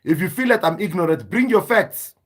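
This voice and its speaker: A man's voice: sits high, animated, fairly quick, husky. Combative man ranting live. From southern Africa. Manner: combative, lecturing, repeats himself for emphasis. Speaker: live stream host. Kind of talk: heated live stream rant.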